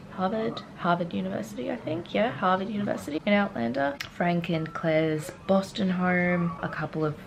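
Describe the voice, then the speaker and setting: A young Australian woman vlogging while she travels, chatting in a rambling, excitable way into a handheld camera. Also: low-pitched, noisy background. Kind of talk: casual travel vlog. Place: hotel room, then outdoors on streets.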